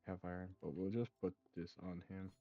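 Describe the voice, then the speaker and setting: A man's voice: deep voice, flat delivery, normal speed, dry recording, faint music behind. A young man hosting a casual let's play, rambling with lots of ums and uhs and offhand swearing. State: hiccups. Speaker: gaming channel host. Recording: dull, dry lo-fi mic.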